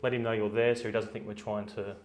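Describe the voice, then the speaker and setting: A man's voice: lowish voice, flat delivery, quick pace. Man recounting what he did, conversational. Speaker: nurse contestant explaining actions. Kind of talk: casual account.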